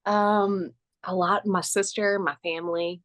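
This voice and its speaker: A young woman talking as a client on a video call, soft-spoken and emotional, with nervous laughs. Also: mid-range voice, steady tone, unhurried. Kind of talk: casual conversation.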